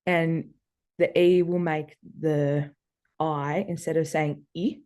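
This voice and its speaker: An Australian woman hosts a relaxed interview, giggling and laughing easily. Her voice is low and mellow. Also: slow. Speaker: podcast host. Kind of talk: casual interview chat.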